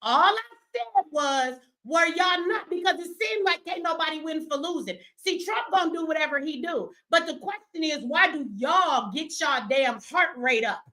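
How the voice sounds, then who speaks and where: A woman running a live stream, confrontational and profane, swinging between yelling at viewers and slow, emphatic explaining. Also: high-pitched, animated. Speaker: livestreamer answering her chat; business owner.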